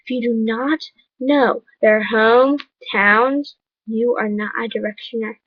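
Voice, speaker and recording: A woman's voice: a little high, fairly even intonation, measured pace, dry recording, phone-quality sound. A woman vlogger talking to camera in an emphatic, lecturing, chatty way. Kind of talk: casual vlog monologue.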